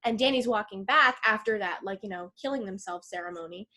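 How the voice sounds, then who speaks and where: A woman co-hosting a podcast, recapping a film in a rambling, excitable way, full of "like" and swearing. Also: medium pitch, brisk. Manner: rambling, filler-heavy, lots of "like"; profane, excitable retelling. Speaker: podcast co-host. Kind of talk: casual film recap chat.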